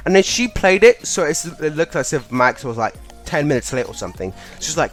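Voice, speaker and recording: A man's voice: fairly high pitch, lively intonation, a little fast, hardly any pauses, soft background music. A young man casually telling a funny school story, laughing as he goes. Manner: chatty, laughing, lots of "like".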